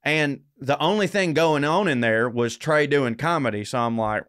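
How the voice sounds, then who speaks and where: A man's voice: medium pitch, normal speed, fairly bright tone, smooth, dry recording, clean studio sound. A man co-hosting a podcast, telling a long story in casual, profane chat. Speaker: podcast co-host.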